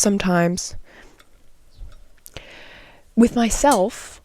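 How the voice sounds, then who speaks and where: A woman's voice: mid-range voice, a little slow, a little mellow, no room sound. A young woman vlogging straight to the camera from a small nook at home, ranting in a heated, rambling way and swearing often. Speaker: vlogger and artist. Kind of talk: unscripted morning vlog rant.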